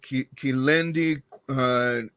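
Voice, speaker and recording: A man studying a language in an online lesson, halting and hesitant as he sounds out new words. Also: mid-range voice, steady tone, a bit bright, smooth, dry recording. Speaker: student.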